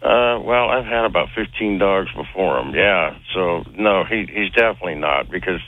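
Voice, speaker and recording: A man's voice: low-pitched, animated, normal speed, no echo. A man calling in to a radio show, chatting casually and in a laid-back way. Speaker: caller. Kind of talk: call-in chat. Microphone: telephone. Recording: tinny phone line.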